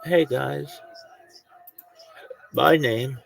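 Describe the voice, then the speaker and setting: A man's voice: mid-range voice, extremely slow, gravelly, a little hiss or hum, poor audio. A man livestreaming, chatting casually and ranting in a crude, profane, mocking way. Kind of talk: casual livestream chat and rant.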